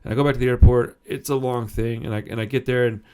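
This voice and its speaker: A man's voice: mid-range voice, fairly even intonation, fast, warm tone, clean tone. Rambling man telling a story. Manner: rambling, self-interrupting, swears casually. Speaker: punk music channel host. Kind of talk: casual storytelling to camera.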